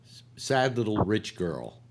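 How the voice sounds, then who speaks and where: A man's voice: on the low side, big pitch swings, unhurried, vocal fry, a little mellow, a little hiss or hum. A man hosting a casual panel chat, rambling with frequent restarts. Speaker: talk show host.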